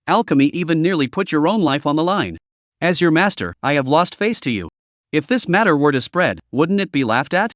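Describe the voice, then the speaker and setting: A man's voice: on the high side, very animated, a little fast, fairly bright tone, no room sound, studio quality. A text-to-speech male voice reading the commanding, scolding lines of a stern young cultivator master in a story recap.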